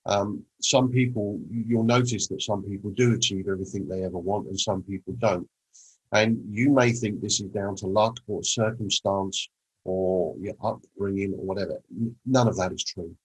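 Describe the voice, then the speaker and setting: A man's voice: lowish voice, steady tone, normal speed, poor audio. A man presenting a motivational talk on mindset, telling a story and acting out the conversations in it. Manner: storytelling, acts out quoted conversations.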